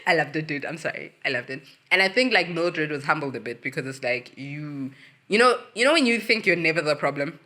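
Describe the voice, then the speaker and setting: A woman's voice: low voice, normal speed. A woman hosting her own channel, chatting casually through a reality-show recap, acting out cast members' lines and laughing often. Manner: animated, acts out quotes from the cast. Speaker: host.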